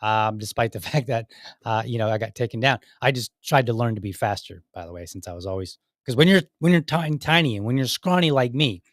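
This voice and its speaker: A man's voice: mid-range voice, animated, fairly quick, no echo. Rambling man with a dry close sound. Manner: rambling, many fillers and restarts. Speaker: podcast host. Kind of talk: casual live-stream talk.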